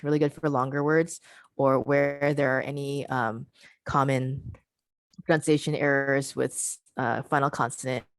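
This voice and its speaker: Give me a patient woman presenter on a video call, low-pitched and dry. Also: no echo. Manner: patient, repeats key points for emphasis. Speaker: workshop presenter. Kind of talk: online teacher workshop.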